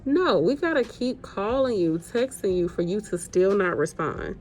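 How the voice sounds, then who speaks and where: A young agency nurse vlogs a casual rant to her viewers, exasperated, addressing them as a group and swearing freely. Her medium-pitched voice is expressive and darkish at normal speed, with soft background music.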